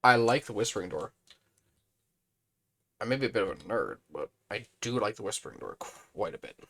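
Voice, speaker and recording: A man with a hoarse, fading voice, chatting casually on a live stream as he plays a building game and thinks aloud. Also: fairly low pitch, animated, normal speed, fairly bright tone, a little hiss or hum.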